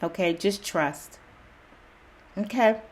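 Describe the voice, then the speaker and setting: A woman's voice: mid-range voice, takes it slowly. A woman hosting her own video channel, giving viewers a casual, reassuring spiritual pep talk in loose, slangy phrasing, chuckling often.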